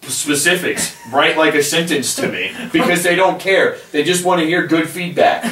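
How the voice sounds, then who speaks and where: A man's voice: a little high, moderate pace, a bit bright. Heated ranting guy on a gaming podcast, cusses a lot, echoey room, far from the mic. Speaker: podcast co-host. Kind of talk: casual gaming podcast chat.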